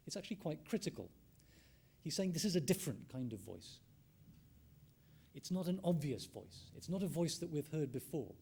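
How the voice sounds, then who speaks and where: A middle-aged man, an ethnomusicologist, giving a measured conference lecture, thinking aloud and restating his phrases with frequent ums. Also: on the high side, sing-song, creaky, dark tone, a little hiss or hum.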